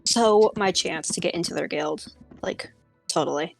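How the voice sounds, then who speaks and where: A woman's voice: lowish voice, moderate pace, gravelly, no echo, faint music behind. A woman playing a tabletop role-playing game, chatty and often laughing. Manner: giggly, chatty. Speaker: player. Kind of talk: tabletop role-play chat.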